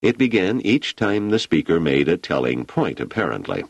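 A man reading a story aloud in a steady, measured voice as an audiobook narrator, recorded on a close microphone. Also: low-pitched, creaky, slightly rough, dry recording. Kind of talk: scripted narration.

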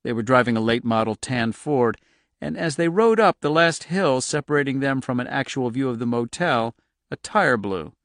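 A man reading a novel aloud in steady scripted narration. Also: medium pitch, moderate pace, dry recording, studio quality. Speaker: audiobook narrator.

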